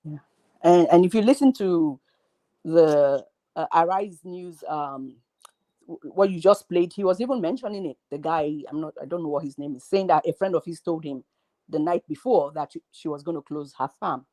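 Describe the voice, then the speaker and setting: A guest on an online panel speaking earnestly, with halting speech and fillers. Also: medium pitch, mellow, no echo. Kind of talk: casual live-stream talk.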